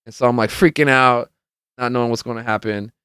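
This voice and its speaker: Young guy podcast host rambling thru a story, swears a lot, smooth clean voice, dry sound. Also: mid-range voice, steady tone, brisk, pushed and bright, no room sound. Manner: rambling, laughs often, swears freely, acts out quotes. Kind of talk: casual storytelling monologue.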